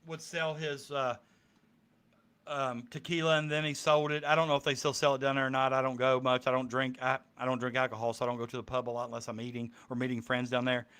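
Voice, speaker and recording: A man's voice: mid-range voice, flat delivery, fast, fairly bright tone, clean tone. A man chatting casually on a streamed podcast, rambling with many ums. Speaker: podcast co-host. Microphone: streaming mic.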